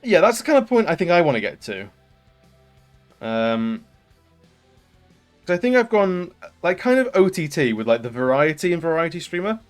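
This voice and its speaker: A man's voice: fairly high pitch, sing-song, normal speed, pauses often, faint music behind. Rambling British man chatting on stream. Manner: rambling, with many ums and likes. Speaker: live streamer. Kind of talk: casual chat with viewers.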